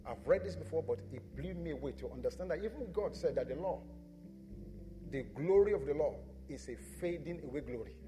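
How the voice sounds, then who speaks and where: A man with a notably high voice preaches to his congregation, firing questions at them and answering them himself. His voice rings through a reverberant church hall. Soft instrumental music plays faintly underneath. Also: lively intonation, a little fast. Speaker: pastor. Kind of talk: sermon. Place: church sanctuary.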